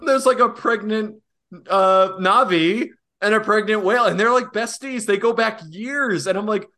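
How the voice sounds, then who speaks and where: A young man co-hosting a casual podcast, animated and profane, laughing often and mimicking voices. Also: sits high, normal speed. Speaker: podcast co-host.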